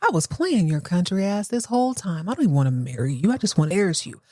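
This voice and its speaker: A woman's voice: on the low side, sing-song, fast talker, a little mellow, no echo, studio quality. A woman voicing an indignant soap-opera man who denies he is the father, ranting in sassy street slang. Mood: scornful.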